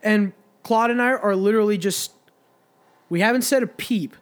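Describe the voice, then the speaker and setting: A man's voice: high-pitched, moderate pace. A young man casually telling a long, profane bar story on a podcast, quoting the people in it. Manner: profane, rambling anecdote with quoted voices. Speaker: podcast co-host.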